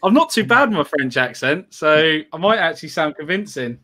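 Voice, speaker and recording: Good-humoured co-host, slightly high voice. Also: male voice, sing-song, brisk, sharp tone. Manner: good-humoured, banters with co-hosts. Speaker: podcast co-host. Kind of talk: casual livestream chat.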